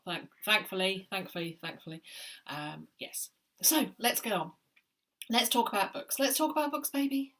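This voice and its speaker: A woman's voice: on the low side, pushed and bright, far from the mic. Chatty woman, a little chesty. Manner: chatty, playful and self-mocking, rambling asides. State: slightly chesty, voice catching. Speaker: book vlogger. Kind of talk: casual chat to camera.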